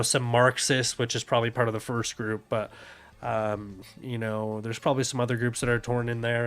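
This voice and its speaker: A man's voice: medium pitch, a bit bright, clean tone. A man streaming a casual rant commentary over videos, blunt and profane, often sneering and laughing. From Canada.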